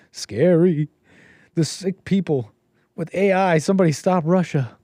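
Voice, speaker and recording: Guy doing a solo political stream, sarcastic, mocks stuff he reads, kinda high voice, dead dry room. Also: a little mellow, no echo. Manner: sarcastic, mocking, laughs often, voices quotes in a high mocking tone. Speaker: livestream commentary host.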